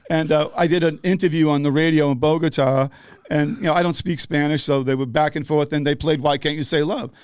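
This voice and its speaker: High-voiced older man telling a wild story. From northeastern US. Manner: profane, laughing, acts out voices in the story. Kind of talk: animated storytelling in casual chat.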